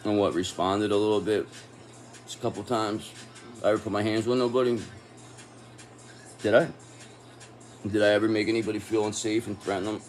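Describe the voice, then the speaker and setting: A man's voice: fairly low pitch, fairly even intonation, fairly quick, pauses often, soft background music. Angry, cursing man reading tarot. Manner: angry, profane and confrontational. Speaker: tarot reader. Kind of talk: casual tarot reading monologue.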